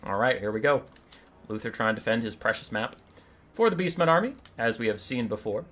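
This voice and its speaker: A man giving animated, irreverent commentary and storytelling over a strategy game, swearing casually. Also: mid-range voice, brisk.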